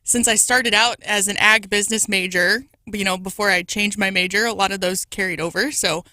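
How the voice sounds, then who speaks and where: Young Midwestern woman radio co-host, bright crisp voice, casual and amused, dry studio sound. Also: medium pitch, fairly even intonation, a little fast, no room sound. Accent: Midwestern American. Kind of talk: talk radio banter. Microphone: studio microphone.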